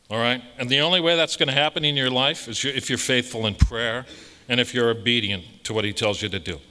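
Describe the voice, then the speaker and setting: A man's voice: mid-range voice, bright, forceful tone, long reverb tail. A man, a priest, giving a conversational sermon in an emphatic, blunt way, repeating phrases for stress.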